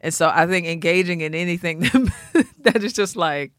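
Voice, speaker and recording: A woman co-hosting a podcast in casual chat, playful and quick with asides, then thinking aloud with restarts. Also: on the low side, no room sound, clean studio sound. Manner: playful, quick asides, sings snatches of a theme song. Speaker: podcast co-host.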